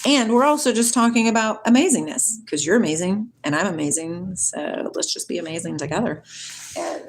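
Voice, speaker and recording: A woman's voice: on the low side, sing-song, fairly quick, a little hiss or hum. A woman hosting a casual spiritual livestream. She reads aloud, greets viewers by name, laughs often and drifts off on tangents. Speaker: livestream host reading viewer comments.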